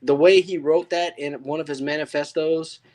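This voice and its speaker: In a casual panel discussion, a male participant tells a rambling story full of fillers and restarts. His voice sits a little high, with a steady tone, moderate pace, and a slightly mellow quality.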